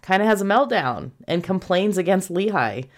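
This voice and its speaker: Animated woman co-host, laughs easily. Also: fairly low pitch, normal speed. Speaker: podcast co-host. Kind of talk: casual gospel discussion.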